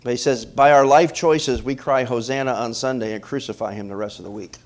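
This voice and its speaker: This middle-aged pastor speaks fairly quickly in a mid-range voice as he gives an animated sermon, repeating words and questioning the congregation along the way.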